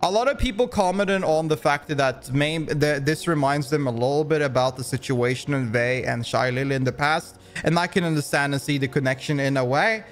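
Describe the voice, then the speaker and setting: A man's voice: a little high, a little fast, hardly any pauses. A man giving opinion commentary, rambling along with frequent restarts and fillers. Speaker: commentary YouTuber.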